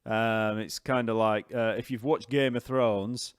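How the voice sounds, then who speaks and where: A man with a Yorkshire accent, a bass teacher chatting casually on a live stream, rambling and reading out viewer comments. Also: steady tone, a little slow, few pauses, smooth, no echo, studio quality. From Yorkshire, northern England.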